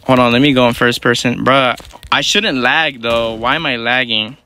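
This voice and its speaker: A young gaming YouTuber gives live gameplay commentary in quick, slangy, profane banter. His mid-range voice is pushed and bright, with a steady tone.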